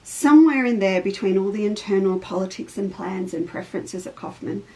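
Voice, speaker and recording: Middle-aged woman host, rambling and chatty, mid-pitched, casual show-and-tell. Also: brisk, darkish tone, poor audio. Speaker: show host and fabric designer.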